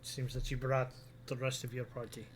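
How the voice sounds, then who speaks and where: A man's voice: medium pitch, flat delivery, moderate pace, a little hiss or hum, natural voice. A man voicing a weary young nobleman, speaking in a cautious, formal way. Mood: guarded. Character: weary young nobleman guarding his home.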